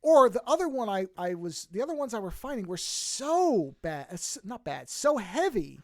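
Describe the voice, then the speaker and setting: A man's voice: sits high, very animated, normal speed, no room sound, studio quality. A man hosting a podcast, with a light New York accent, chatting casually and rambling through restarts and asides. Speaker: podcast host.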